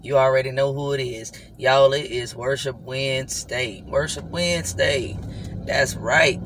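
A woman's voice: very deep voice, steady tone, unhurried. A tired woman, worn out after an all-night shift, gives a casual devotional talk to her viewers, chatty and full of "guys" and "you know.". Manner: loose, conversational preaching with repeated "guys" and "you know". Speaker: vlogger hosting a weekly worship talk. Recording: clear traffic noise behind.

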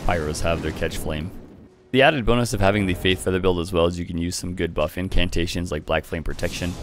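Young male gaming commentator, deep voice, gleeful taunting, noise under the mic. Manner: playful taunting, gleeful laughs. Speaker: gaming YouTuber. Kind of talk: gameplay commentary.

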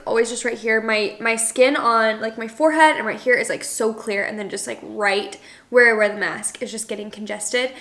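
A woman's voice: a little high, fairly bright tone. A young adult woman talking casually to camera in a chatty vlog, full of "like" fillers. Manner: chatty, filler-heavy with lots of "like". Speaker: lifestyle vlogger and podcast host.

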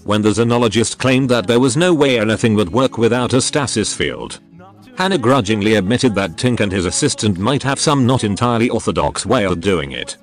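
Deep-ish synthetic male narrator, steady story reading. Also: a little fast. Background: faint background music.

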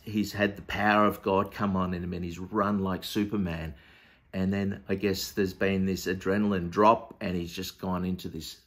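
A man teaching a Bible study in a loose, conversational way, with frequent fillers and restarts. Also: low-pitched. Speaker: preacher.

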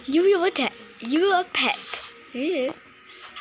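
A woman giving excitable, casual gameplay commentary, exclaiming and repeating her words. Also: sits high, slow pace, noisy background. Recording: game music playing behind.

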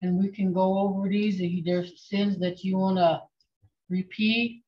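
A woman teaching a language class online, speaking slowly and patiently and repeating phrases for her students. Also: mid-range voice, flat delivery. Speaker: language instructor. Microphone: video call. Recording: dull lo-fi video call audio.

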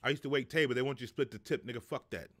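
With a mid-range voice and rapid-fire delivery, this middle-aged live show host jokes, swears freely and reads chat messages aloud in casual, loose live-stream talk.

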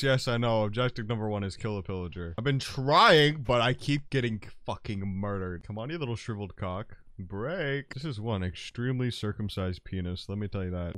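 A man giving profane, sarcastic commentary while playing a video game, breaking into sudden shouts. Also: fairly low pitch, no room sound. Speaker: gaming YouTuber. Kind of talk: crude comedic gameplay commentary.

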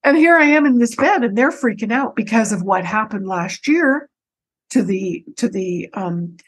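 Woman, podcast guest, personal storytelling, fairly high voice, animated, restarts and repeats words. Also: normal speed, husky, low-quality recording. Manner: animated, breaks into her own quoted speech.

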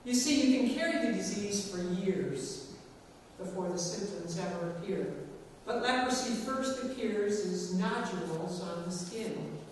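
A woman preaching a sermon in a church, measured and dramatic, with slow emphatic pauses. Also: medium pitch, lively intonation, a little hiss or hum. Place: large church sanctuary. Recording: echoey church hall, recorded from far off.

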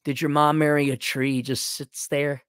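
A man's voice: fairly high pitch, flat delivery, moderate pace, a bit bright, clean tone, no echo, clean studio sound. A male host reading a viewer's letter aloud and answering it with blunt, mocking sarcasm.

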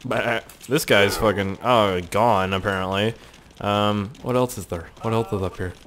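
A man giving excitable, crude let's-play commentary, swearing a lot and joking to himself. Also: on the low side, measured pace, noisy background. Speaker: gaming video host.

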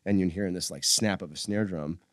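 Casual podcast guest, man, fast and lively storyteller, dry close sound. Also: sits low, dry recording. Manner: animated storyteller, acts out quotes. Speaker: guest musician. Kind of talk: casual interview chat.

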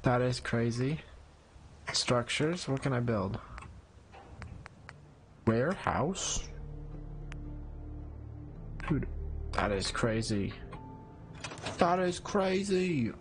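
A man streaming a video game with casual commentary, excitable, swearing often and yelling when frustrated. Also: medium pitch, slight background noise.

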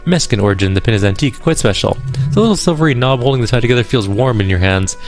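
A man hosting a let's play, reading game dialogue aloud in a casual, quick way with dry asides, with faint game music behind him. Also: medium pitch, lively intonation.

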